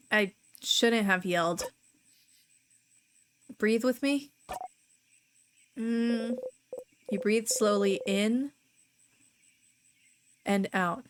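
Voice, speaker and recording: A woman streamer reading a game aloud slowly and quietly. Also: mid-range voice, background noise. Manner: slow, hushed narration with reactions. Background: game music.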